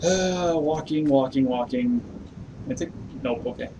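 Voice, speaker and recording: A man's voice: on the high side, measured pace, distant mic, lo-fi sound, background noise. A man giving let's play commentary on a horror game, talking to himself, humming along and yelping when scared. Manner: excitable, talks to himself, hums along, yelps when scared. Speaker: gamer playing a horror game. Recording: voice a bit off-mic over clear game music.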